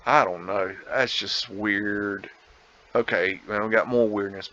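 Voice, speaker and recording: A man's voice: lowish voice, steady tone, takes it slowly, bright, forceful tone, muffled recording. A man talking casually over a photo slideshow as host, musing aloud, laughing and rambling. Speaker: vlog host.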